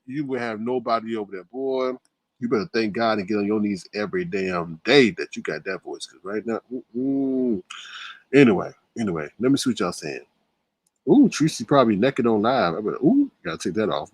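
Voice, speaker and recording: A man hosting a casual livestream, lively and exclamatory, dropping to low mutters between points. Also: brisk, husky, no echo. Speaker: livestream host.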